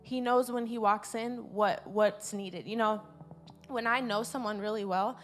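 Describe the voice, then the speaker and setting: A woman preaching an informal sermon at a church service, earnest and repeating her key words, swelling louder on her main points. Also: mid-range voice, fairly even intonation, a little slow, soft background music.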